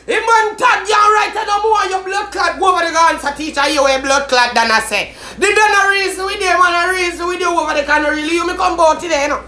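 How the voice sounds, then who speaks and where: Jamaican woman, loud comic rant, bright sharp voice, swears a lot. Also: extremely high pitch, fast, hardly any pauses, echoey room. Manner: loud, swearing, sing-song, laughing. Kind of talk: comedic rant in patois.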